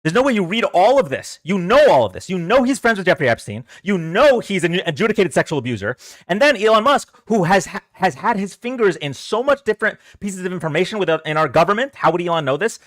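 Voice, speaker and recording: A man with a high, lively voice argues with his livestream chat, sarcastic and exasperated. He repeats himself to press a point. The sound is dry and close. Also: fast talker, no echo. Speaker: political livestream host. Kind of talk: casual livestream commentary to chat.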